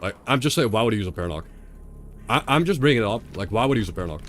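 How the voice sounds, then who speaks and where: A man's voice: fairly low pitch, animated, racing, slight background noise. A young man streaming a video game, rambling and sarcastic, often repeating himself. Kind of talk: casual gameplay commentary.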